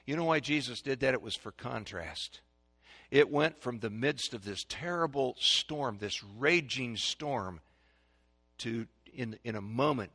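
A man preaching a sermon to a congregation, swinging between loud proclaiming and hushed, dramatic quiet. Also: medium pitch, lively intonation, unhurried.

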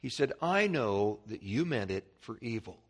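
A man preaching a sermon, emphatic, swinging from quiet passages to shouted ones. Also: medium pitch, sing-song, normal speed, breathy edge.

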